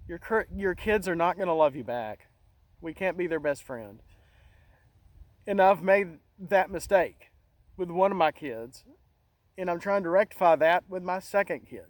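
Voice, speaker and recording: A middle-aged man hosting a casual monologue, talking in an earnest, halting way with many restarts. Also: sits high, no echo, low-quality recording. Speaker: channel host.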